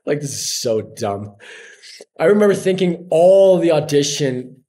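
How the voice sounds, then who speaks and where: A man's voice: on the high side, a little slow. A man, a podcast guest telling stories in a casual way and acting out the voices of people he quotes. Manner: animated, acts out quoted voices. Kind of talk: casual storytelling.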